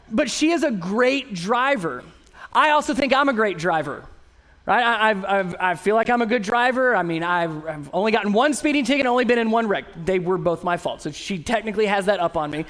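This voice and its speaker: A middle-aged male pastor with a light, high-sitting voice delivers a sermon. He tells stories with animated, self-mocking humor, swinging between quiet reflection and excited bursts.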